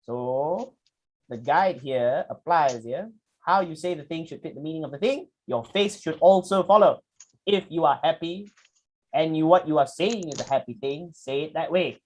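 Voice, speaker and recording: A young man leads a public speaking workshop. He moves through his slides in a lively way, stopping to ask his listeners questions. He slips into short acted examples to make each point. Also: a little high, low-quality recording. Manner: lively, acts out quick examples, asks the audience questions. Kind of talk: lecture presentation with slides.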